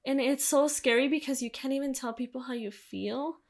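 A young woman co-hosts a podcast, chatting candidly in a casual way, swearing freely and laughing a lot. Her voice is high-pitched and her pace moderate.

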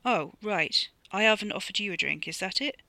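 Woman playing a gruff, blunt Englishman. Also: mid-range voice, animated, moderate pace, sharp tone, no room sound. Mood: grumbling. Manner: blunt, swears casually, sardonic. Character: gruff blunt middle-aged man, sardonic.

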